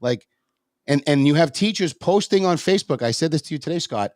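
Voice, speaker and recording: A man co-hosting a political talk show, answering a question in a measured, digressive way with many fillers. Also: fairly high pitch, lively intonation, no room sound, studio quality. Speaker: co-host of a local politics livestream. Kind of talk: casual political chat. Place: radio studio.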